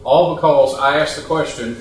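A pastor telling a story from far off. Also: male voice, on the high side, moderate pace. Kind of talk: storytelling in a church panel. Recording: echoey room, far from the mic, faint noise.

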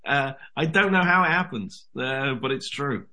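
A British man chats as an interview guest, spinning animated backstage stories with a friendly "mate" here and there. His voice sits at a middle pitch and has a bright, forward edge. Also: moderate pace. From Britain. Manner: animated storyteller, says "mate". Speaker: actor guest. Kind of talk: casual interview chat.

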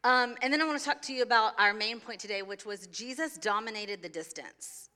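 A woman's voice: on the high side, fairly quick, pushed and bright. A woman pastor preaching a sermon to a church congregation in a conversational way. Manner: conversational, laughs easily, sings a children's song. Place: church sanctuary.

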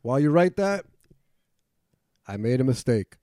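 A man's voice: mid-range voice, big pitch swings, normal speed, mellow, dry recording, clean studio sound. A man who is a guest comedian on a podcast, chatting casually and joking easily. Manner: easygoing, joking banter. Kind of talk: casual chat.

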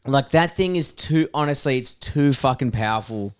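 A man's voice: mid-range voice, moderate pace, clean tone. A young adult man, co-hosting a podcast in casual, joking chat, swearing freely and cutting in. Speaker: podcast co-host.

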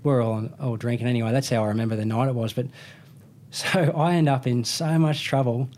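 A man's voice: mid-range voice, steady tone, fairly quick, a little mellow, a little hiss or hum. Rambling Australian man spinning a yarn. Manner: rambling, self-correcting anecdote with slang. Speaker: guest, motorcycle racer. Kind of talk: casual storytelling.

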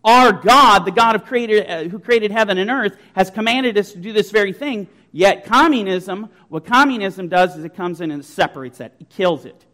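A man preaches with a high-pitched voice. He drives every point home emphatically, his tone swelling with conviction. His rhetorical questions keep pressing the listeners. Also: moderate pace, hardly any pauses, pushed and bright. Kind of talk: sermon.

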